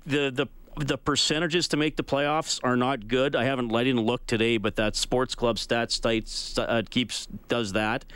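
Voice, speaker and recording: A man's voice: medium pitch, a bit bright, clear, resonant tone, no room sound. A man hosting a sports talk radio call-in show, chatting casually and thinking aloud with frequent restarts.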